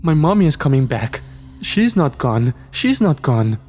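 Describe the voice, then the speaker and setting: A creepy little girl, stubborn and gleeful, with a high, sing-song voice, as a deep-voiced man puts her on for a horror story. Her lines are pitched well above his usual dark tone, over faint music. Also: sing-song, measured pace. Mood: insistent.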